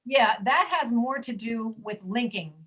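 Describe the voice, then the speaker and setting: A woman teaching an online pronunciation class, stretching out words slowly to model each sound. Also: on the high side, a bit bright, breathy edge, poor audio. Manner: slow, drawn-out modeling of sounds. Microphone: video call.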